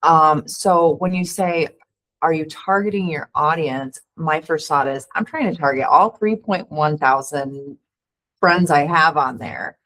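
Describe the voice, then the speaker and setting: A woman's voice: sits low, a little slow, a bit bright. A woman on a casual panel, candid and questioning, thinking aloud.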